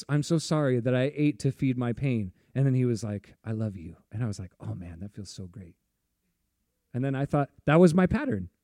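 Guy preaching a sermon, laid back and chatty, kinda high mellow voice, dry close sound. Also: no room sound. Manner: casual, chatty preaching with frequent laughs and "like". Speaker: pastor.

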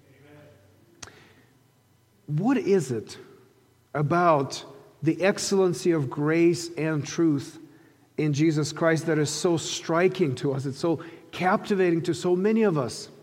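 A man preaching a sermon, telling a story earnestly and slowing down to stress key phrases. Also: fairly high pitch, darkish tone, big-room sound. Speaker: pastor.

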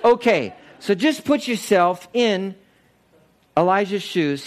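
A man preaching, animated and conversational, who keeps firing questions at his congregation. His voice sits a little on the high side, and he swings between loud, high bursts and quiet, low asides. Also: slow. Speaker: pastor. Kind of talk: lively teaching sermon.

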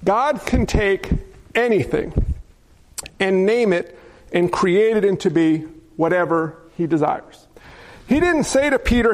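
Male pastor, high pitched, preaches with playful asides and rhetorical questions. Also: expressive, a little slow, long pauses. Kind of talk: sermon.

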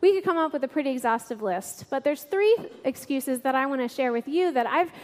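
A woman giving a sermon, telling a lively story and laughing through the funny parts. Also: sits high, brisk. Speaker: church speaker. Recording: long reverb in a large hall.

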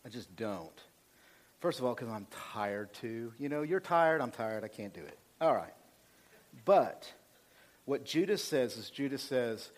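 A male senior pastor preaching a sermon, retelling scripture in a lively, conversational way that swings between loud and soft. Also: mid-range voice, a little slow.

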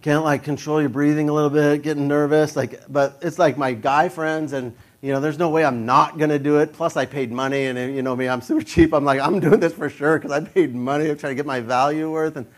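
Animated young man telling a story. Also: brisk, few pauses. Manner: animated, jumps into high panicky voice for his own quoted thoughts. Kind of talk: casual storytelling.

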